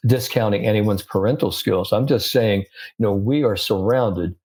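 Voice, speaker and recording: An older man with a fairly low voice talks through his stories in an easy, conversational way. He quotes the people in his anecdotes as he goes, the way a sports psychologist explains ideas on a podcast. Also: moderate pace. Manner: storytelling, animated with anecdotes and quotes.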